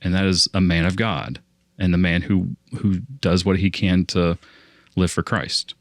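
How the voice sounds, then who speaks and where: Young male podcast co-host, very low voice, dry close sound, rambles and restarts a lot. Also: flat delivery, measured pace, no room sound. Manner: rambling storyteller with frequent restarts. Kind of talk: casual podcast chat.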